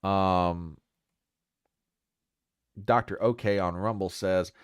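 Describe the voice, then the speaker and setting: A man's voice: low voice, fairly even intonation, very slow, clear, resonant tone, no echo, clean studio sound. An older man hosting a casual talk show, reading news aloud with sarcastic asides. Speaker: podcast host. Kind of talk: casual livestream commentary.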